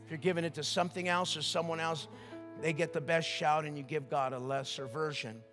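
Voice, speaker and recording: An older man preaching a sermon as pastor, lively and joking, asking the crowd questions. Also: a little high, a little fast, big-room sound, faint music behind. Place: church sanctuary.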